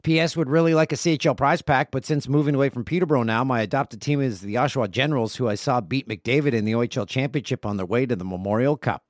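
A man in his forties hosts a casual solo podcast and reads listener emails aloud, breaking off for jokey asides. His voice sits at an ordinary pitch. It is recorded close and dry, with no room sound. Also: fast, few pauses, no room sound. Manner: chatty, jokey asides while reading mail. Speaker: podcast host.

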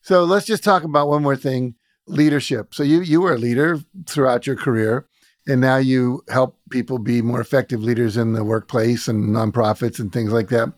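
A man hosting a podcast talks through stories in an easy, reflective way. His voice sits at a middle pitch. The sound is dry and close. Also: fairly even intonation, normal speed, no echo. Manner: storytelling, reflective. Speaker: podcast host. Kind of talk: casual interview chat.

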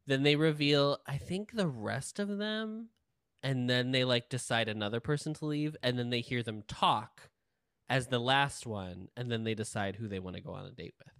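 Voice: mid-range voice, a bit bright, no echo, clean studio sound. A podcast co-host telling a story in casual, playful chat.

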